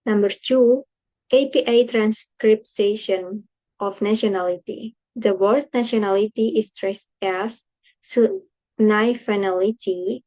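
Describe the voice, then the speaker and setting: A woman's voice: mid-range voice, darkish tone, poor audio. A young woman with an Indonesian accent, whose first language is Indonesian, reading a class presentation aloud carefully, with slips and restarts. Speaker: student presenting coursework.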